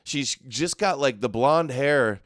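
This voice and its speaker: A man hosting a livestream, reacting to clips with sarcastic, mocking asides. His voice is smooth and clear at a mid pitch. The sound is dry and close. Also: lively intonation, slow pace, no room sound. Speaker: livestream host. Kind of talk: livestream commentary.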